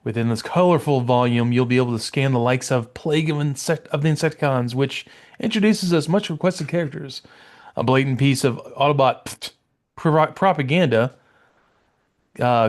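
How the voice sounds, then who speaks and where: A man's voice: mid-range voice, moderate pace, a little mellow, lightly acted. A man voicing a haughty robot villain who looks down on humans, reading in a formal, disdainful way. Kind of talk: reading a comic page in character.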